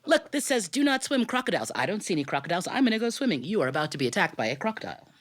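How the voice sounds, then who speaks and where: A woman's voice: fairly low pitch, racing. A woman telling a family story live, chatty and quizzing her audience. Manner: lively, chatty, asks the audience questions. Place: recording studio with live audience.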